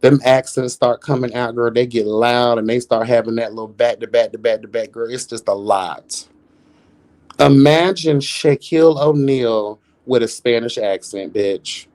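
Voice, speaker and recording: A man's voice: mid-range voice, a little slow. Sassy, profane man roasting reality TV. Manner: sassy, profane, calls everyone girl and bitch; laughs often, animated roasting. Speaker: reality show commentator, host. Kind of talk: live reality TV review commentary.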